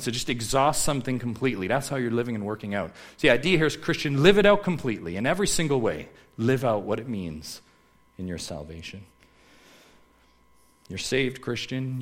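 Emphatic male pastor preaching. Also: medium pitch. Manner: emphatic, repeats key phrases, swings from loud to hushed. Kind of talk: sermon.

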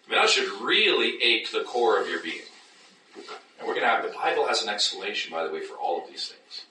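Animated pastor in an echoey room. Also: male voice, fairly quick, slight background noise. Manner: animated, acts out skeptics in high mocking voices. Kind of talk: sermon. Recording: echoey room, mic at a distance.

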